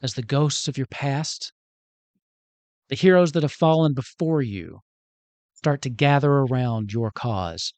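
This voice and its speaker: A man narrates a tabletop game as game master, slow and measured and building the drama. His voice sounds close and dry. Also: medium pitch, a little mellow, no room sound.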